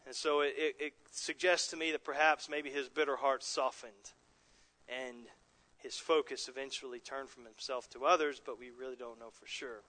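Bright-voiced male pastor preaching. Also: medium pitch, steady tone, moderate pace. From Southern California. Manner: earnest, with many restarts and soft chuckles. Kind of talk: sermon.

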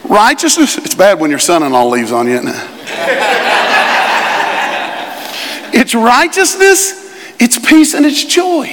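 A middle-aged male pastor preaching a sermon in a church, animated and shouting at times. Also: very high-pitched, slow pace, pauses often, over a noisy crowd. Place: church sanctuary. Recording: live church recording with hall reverb.

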